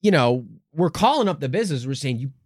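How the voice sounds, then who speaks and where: A man's voice: medium pitch, fast talker, no room sound, clean studio sound. A man co-hosting a comedy podcast, improvising a profane story and acting out voices along the way. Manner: profane, animated, acts out voices in stories.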